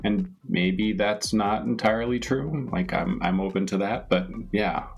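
A man's voice: on the low side, measured pace, dull audio, soft background music. A man hosting a podcast interview, candid and enthusiastic in casual chat. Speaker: podcast host.

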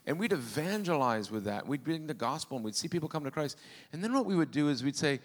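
A man's voice: a little high, lively intonation, fast talker. A man preaching a testimony sermon, telling his story in an earnest way with a dry, self-mocking humor.

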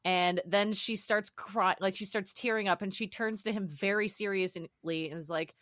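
Woman podcast co-host, lively movie chat, acts out quotes, dry recording. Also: mid-range voice, normal speed, hardly any pauses, no echo. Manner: animated, acts out quotes, laughs often. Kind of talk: casual film discussion.

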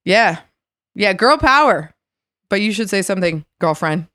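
A woman's voice: mid-range voice, unhurried, no room sound, studio quality. A woman co-hosting a podcast, sick and congested, ranting bluntly in casual chat and acting out what she would say to people. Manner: blunt, animated ranting with acted-out quotes. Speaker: podcast co-host.

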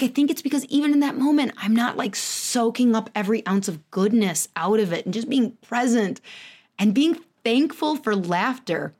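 A woman in her thirties hosting her own podcast, talking alone in a candid, self-mocking way, often jumping up in pitch. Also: darkish tone. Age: 30s. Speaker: podcast host. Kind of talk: casual solo podcast monologue.

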